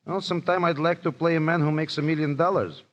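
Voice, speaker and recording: A man's voice: on the high side, steady tone, quick pace, highs cut off. A man bantering playfully and boastfully on a 1930s radio broadcast. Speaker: actor joking with the host. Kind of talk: scripted comic radio banter.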